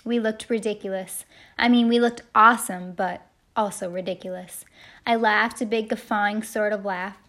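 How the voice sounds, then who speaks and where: A woman's voice: mid-range voice, steady tone, normal speed. A woman narrating a first-person audiobook in a heartfelt storytelling manner. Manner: heartfelt storytelling, shouting the quoted lines.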